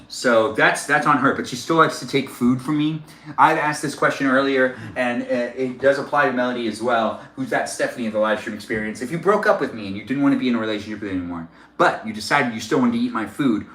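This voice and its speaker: Chatty guy live streaming from his kitchen, bright voice, kinda echoey, rambles a lot. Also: mid-range voice. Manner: rambling, chatty, reads viewer comments aloud. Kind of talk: casual live-stream chat while cooking. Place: home kitchen.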